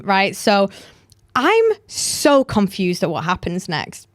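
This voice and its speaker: A young woman hosting a podcast, telling a story in a chatty, animated way with lots of "like" fillers. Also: medium pitch, takes it slowly, dry recording, clean studio sound. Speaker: podcast host. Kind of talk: casual storytelling chat.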